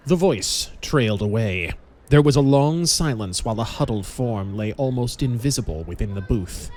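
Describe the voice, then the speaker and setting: A man narrating a pulp audiobook in a measured, dramatic storytelling manner. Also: mid-range voice, expressive, darkish tone.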